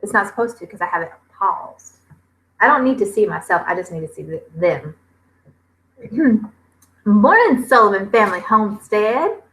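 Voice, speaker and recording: Chatty woman with a bright voice. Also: medium pitch, very animated, rough recording. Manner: chatty, with many fillers and drawn-out pauses. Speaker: homestead vlogger hosting a livestream. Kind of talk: casual livestream chat, reading comments aloud.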